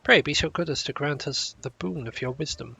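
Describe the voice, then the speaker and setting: A proud, earnest young scholar from a fantasy game, as a man puts him on. He talks in formal, old-fashioned phrases with a slightly high, bright and rough-edged voice. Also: fairly quick. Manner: formal old-fashioned speech, stumbles over words.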